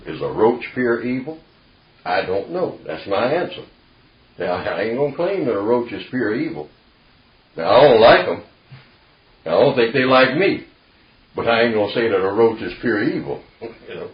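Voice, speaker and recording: A man's voice: mid-range voice, sing-song, normal speed. A man leading an informal group discussion, emphatic and folksy, often dropping in "see" and "you know". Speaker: discussion leader. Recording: echoey room, dull lo-fi sound.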